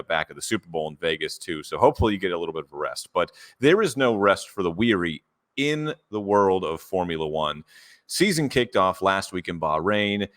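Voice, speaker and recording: A young man hosting a casual sports podcast, smooth and animated, speaking close to the mic. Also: sits low. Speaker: podcast host.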